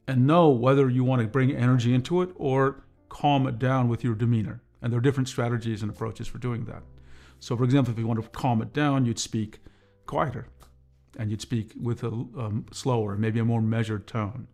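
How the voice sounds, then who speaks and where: Calm, measured man chatting on a stream. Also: medium pitch, soft background music. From United States. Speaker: livestream host. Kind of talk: casual livestream chat, reading viewer comments.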